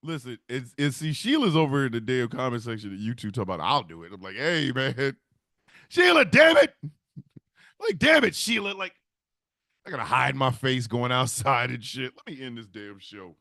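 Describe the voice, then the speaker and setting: A man's voice: medium pitch, sing-song, normal speed, sharp tone, dry recording, studio quality. A man hosting a comedic talk show, telling a rambling story full of laughter and swearing. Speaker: show host.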